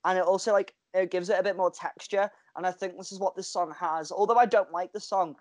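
A chatty woman co-hosting a casual talk over a video call. She tells stories with lively energy and laughs often. The sound is dry and close. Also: on the low side, fairly quick, dry recording. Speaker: podcast co-host. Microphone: headphones and mic on a video call.

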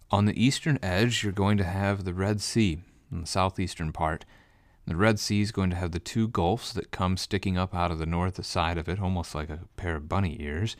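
Male Bible teacher with a very low voice and a dry sound. He explains step by step. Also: a little mellow, dry recording. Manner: explanatory, walks listeners through details step by step. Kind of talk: conversational Bible study teaching.

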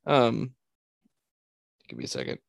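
A man's voice: medium pitch, huge pitch swings, measured pace, vocal fry, no echo. A man co-hosting a casual sports podcast, swearing freely and rambling until he loses his thread. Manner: profane, rambling, loses his train of thought. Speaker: podcast co-host.

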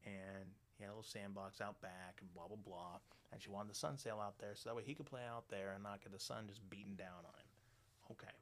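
A middle-aged man hosting a radio show, ranting bluntly and swearing constantly, loud and animated. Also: on the low side, brisk. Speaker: radio host. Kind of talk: profane ranting monologue.

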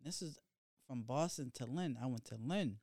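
A young man co-hosting a casual podcast, telling a story with animated, acted-out quotes. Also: moderate pace, dry recording, studio quality. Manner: animated storyteller, acts out quotes with big pitch jumps. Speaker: podcast co-host.

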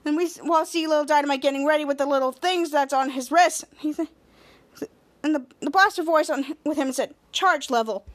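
A woman hosting a podcast, retelling a TV episode in a rambling way with many halting restarts, and acting out the characters' lines in animated voices. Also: high-pitched. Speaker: podcast host. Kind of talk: casual episode recap.

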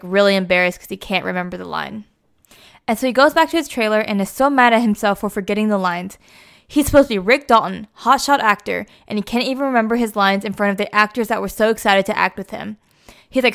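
A young woman recounts a story in a relaxed, chatty way, peppering it with fillers. Her voice is smooth and clear, sitting at an ordinary middle pitch. She talks like she is catching up with a friend. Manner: chatty, lots of "like" and "you know". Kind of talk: casual plot retelling.

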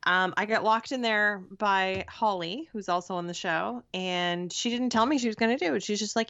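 Animated woman telling stories, lo-fi sound. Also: medium pitch, normal speed, few pauses. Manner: animated storytelling with acted-out quotes and laughs. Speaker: podcast co-host and TV show cast member. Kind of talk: casual interview chat.

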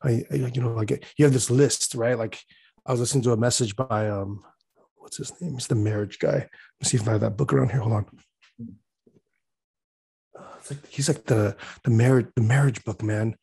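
A man's voice: medium pitch, fairly even intonation, brisk, gravelly, pauses often, dark tone, breathy edge, no echo. A young man talking in a loose, rambling way, full of fillers, laughing as he tells stories. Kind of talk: casual chat.

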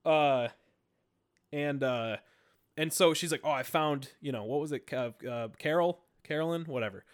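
A man chatting casually as a podcast co-host, retelling things in an excitable, rambling way with lots of fillers and restarts. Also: on the high side, normal speed, clean tone. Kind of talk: casual chat about video games.

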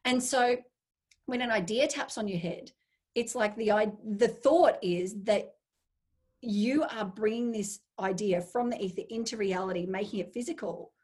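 A woman guest in a casual interview, talking enthusiastically and acting out her own inner voice in quick asides. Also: medium pitch, a little mellow, breathy edge.

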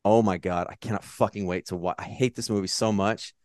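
A man with a fairly low voice co-hosts a movie podcast in a loose, casual chat. He swears freely and gets animated talking about films. The recording is close and dry, with almost no room sound. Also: a little fast, no echo. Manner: profane, animated movie talk. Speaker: podcast co-host.

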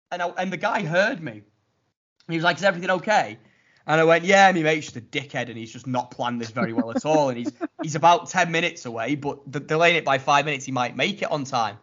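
A man telling a story in a casual chat, animated and mocking, acting out what others said. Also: a little high, a little fast. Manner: animated, mocking retelling with acted-out quotes. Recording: lo-fi muffled audio.

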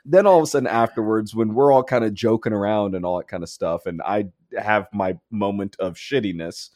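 Male podcast co-host, animated storyteller, rambling delivery, dry close mic. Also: a little fast, no room sound. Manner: animated, acts out quotes with big pitch jumps and laughs; heavy use of "like" and "and whatnot". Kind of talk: casual storytelling chat.

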